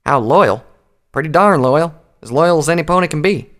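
A man's voice: on the high side, animated, moderate pace, fairly bright tone, voice pushed up. A man voicing a plainspoken, folksy earth pony mare in a storybook reading. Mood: earnest. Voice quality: folksy, plainspoken country talk.

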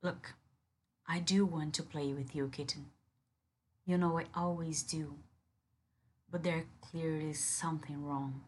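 A woman's voice: low voice, steady tone, a little slow, pauses often, a little mellow, slight background noise. A woman in an audio role-play who speaks straight to the listener as a firm, commanding yet caring partner.

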